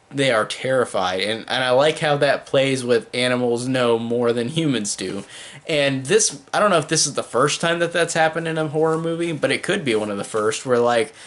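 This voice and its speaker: A man's voice: medium pitch, fairly bright tone. Casual male reviewer, loose and unscripted, filler-heavy, eager and gushing. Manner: rambling, heavy use of "like" and "um"; enthusiastic, gushing praise. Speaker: horror movie reviewer.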